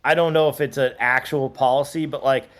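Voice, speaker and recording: A man chatting casually on a podcast, animated and loose, full of "dude" and "you know.". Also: medium pitch, brisk. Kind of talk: casual chat.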